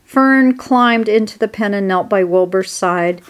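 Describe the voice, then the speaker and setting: A woman narrating a children's storybook aloud in a steady, expressive way. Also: mid-range voice, measured pace, smooth.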